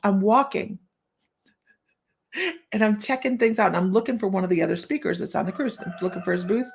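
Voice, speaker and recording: A woman's voice: medium pitch, a little fast, gravelly, slightly rough. A woman psychic hosting a live stream from her room at home, chatting casually, telling stories, acting out what people said and laughing often. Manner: chatty storyteller who acts out quotes and laughs often. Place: room at home with the window open.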